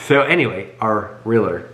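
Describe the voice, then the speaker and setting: A young man co-hosting a family channel, telling a story in casual chat with animated, self-correcting delivery. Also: lowish voice, normal speed, slight background noise. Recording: echoey room.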